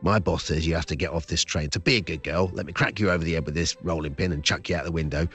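Brief: a sneering brute of a tomcat, read by a man with a very deep voice. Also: steady tone, fast talker, fairly bright tone, soft background music. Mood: menacing. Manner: sneering, grumbling. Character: huge male thuggish henchman cat.

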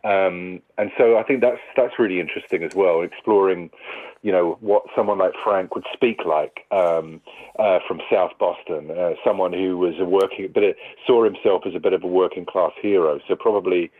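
A man's voice: low voice, moderate pace. A man, an actor, answering interview questions thoughtfully and often restarting sentences as he works out his ideas. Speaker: stage and TV actor. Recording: narrow phone-like radio sound.

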